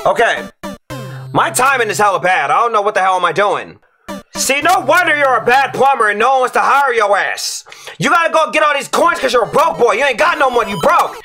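A young man commentating his platform gameplay, ranting and yelling at the game as he fails levels. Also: very high-pitched, very animated, brisk, faint music behind. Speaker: streamer playing a platform game.

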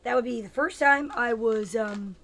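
Here a woman in her fifties, a comedian hosting her own show, speaks at a moderate pace in a fairly high, fairly bright voice, with a little hiss or hum behind her. She chats casually with viewers by name, rambling playfully and making fun of herself in a live comic chat.

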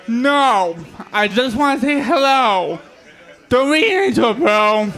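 A stand-up comedian with a speech impediment works the open mic crowd, teasing himself and his listeners. His voice sits very high and bright, and he takes his time with every line. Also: animated, a little slow. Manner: self-deprecating, joking with the crowd. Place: bar stage with live audience.

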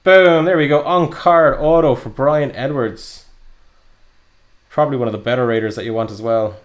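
A man's voice: mid-range voice, moderate pace. A young man giving chatty, upbeat live commentary while opening trading card packs, with frequent ums and uhs. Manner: chatty, upbeat, lots of fillers. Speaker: card breaker.

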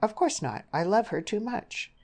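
A woman's voice: mid-range voice, lively intonation, normal speed, darkish tone, voice pushed up, lightly acted. A woman voicing a young man, an earnest and impulsive suitor who speaks eagerly.

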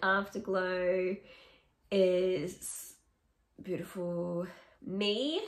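In an echoey room, a young music vlogger talks to camera through her song ranking, casual and opinionated, tossing in sarcastic remarks. She speaks very slowly in a lowish voice with little pitch movement.

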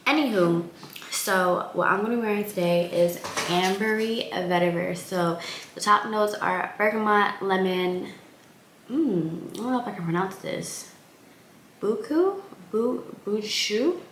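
A woman's voice: mid-range voice, a little slow, a bit bright, echoey room, slight background noise. A young woman in her twenties, chatting casually on a vlog in a rambling way with lots of fillers, sounding congested. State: congested, recovering from illness. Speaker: vlogger.

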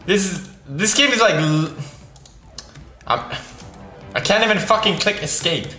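A young Swedish man with a Swedish accent, giving let's play commentary, swearing constantly and bursting into frustrated shouting. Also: sits high, expressive, measured pace. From Sweden. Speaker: gaming commentator. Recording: echoey room with loud game music.

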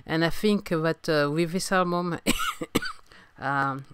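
A woman's voice: sits low, measured pace, noisy background. A woman from France with a French accent, hosting a casual solo podcast, talking hesitantly with many fillers and restarts while getting over a sore throat. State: recovering from a sore throat, coughing. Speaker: podcast host and singer-songwriter.

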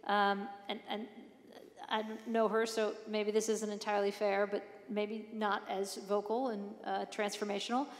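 A woman hosting a live talk, chatty and animated, who laughs easily while moderating. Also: medium pitch, normal speed. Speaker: event host and interviewer. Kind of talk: conversational moderating. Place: event hall with audience. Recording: echoey hall.

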